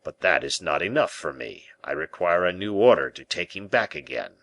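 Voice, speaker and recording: A man's voice: sits low, very animated, normal speed, fairly bright tone, heavily acted. A man voicing a frightened, flustered prison governor in an audiobook, his lines full of panicked exclamations. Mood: panicky. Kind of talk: audiobook character reading.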